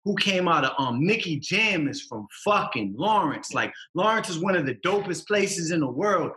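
A man's voice: on the high side, animated, normal speed, sharp tone, reverberant. A man, a rapper talking as a podcast guest, passionate and emphatic with street slang. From Massachusetts. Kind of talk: casual podcast interview.

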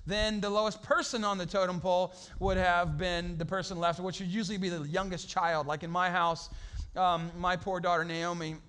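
A clear, resonant tone marks this middle-aged pastor's fairly high voice. His sermon is easygoing and chatty, delivered in a lively, playful, conversational manner as he acts out his stories' people in quick voices.

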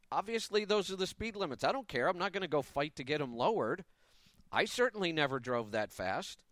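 A man's voice: on the high side, fairly bright tone, no room sound, clean studio sound. A man in his fifties hosting a live talk radio show, giving an opinionated, emphatic monologue with a touch of sarcasm.

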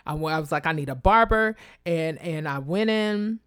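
A woman from Kansas telling a personal story in a casual, animated way, acting out other people's voices. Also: moderate pace, smooth, no echo, studio quality. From Wichita, Kansas, USA. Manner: animated, acts out quoted voices in a high pitch; addresses listeners directly and casually.

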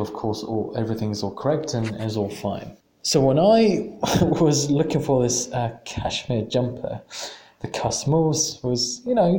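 A man hosting a podcast, telling a casual story in a halting way, repeating words and laughing at himself. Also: mid-range voice, warm tone. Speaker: podcast host. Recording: roomy echo.

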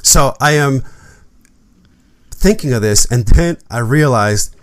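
A man hosts a casual podcast and tells a story with lively energy. He swears freely and acts out what people said. His voice sits at a middle pitch and is recorded close and dry. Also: takes it slowly, dry recording. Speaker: podcast host.

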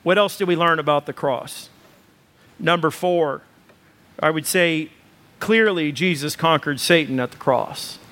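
High-voiced man preaching a sermon. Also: unhurried, fairly bright tone. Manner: conversational preaching with fillers, rising to emphatic lists. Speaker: pastor.

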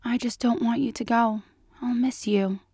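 A woman's voice: mid-range voice, fairly even intonation, unhurried, creaky, mellow, husky, dry recording, studio quality. Scully, a woman reading as a sleepy murmuring agent. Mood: sleepy whisper. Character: sleepy clingy woman FBI agent, drowsy.

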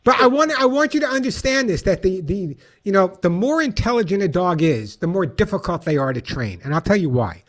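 A man with a New York accent hosting a call-in radio show, giving animated pet advice and acting out commands. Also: sits high, fairly quick, few pauses. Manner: animated, acts out dog commands. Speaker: radio host and pet behaviorist.

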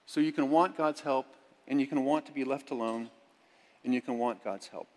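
A middle-aged man preaching a sermon as a pastor, moving between hushed reading and loud, emphatic lines. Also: mid-range voice, normal speed. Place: church sanctuary. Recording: church sanctuary with long reverb.

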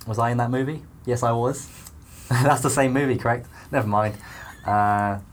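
A man's voice: medium pitch, steady tone, normal speed, a little hiss or hum, lightly acted. A man doing a loose celebrity impression in comedy improv, a rambling, hesitant, self-promoting beer seller. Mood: boastful. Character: man's mock film-star impression, pushy beer seller.

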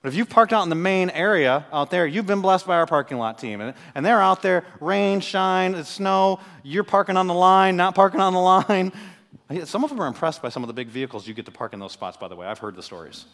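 A man's voice: on the high side, expressive, fast talker, creaky, few pauses, fairly bright tone. A man preaching a sermon as pastor, talking conversationally and with energy to his congregation in a church. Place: church sanctuary. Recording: long hall reverb.

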